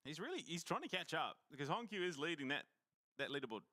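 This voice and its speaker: A man's voice: on the high side, very animated, quick pace, sharp tone. A man giving analytical color commentary on a game match, citing stats with frequent fillers. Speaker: esports color caster.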